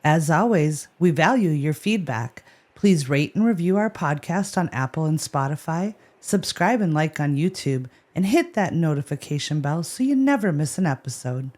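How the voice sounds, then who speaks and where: A woman's voice: sits low, animated, normal speed, a little mellow. A woman co-hosting a podcast, telling a history story with playful, jokey asides. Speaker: podcast co-host. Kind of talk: scripted podcast banter.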